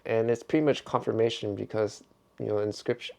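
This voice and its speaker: A man's voice: lowish voice, steady tone, brisk, vocal fry, dark tone. A middle-aged man vlogging in a rambling, reflective way, chuckling often as he talks. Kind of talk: casual vlog monologue.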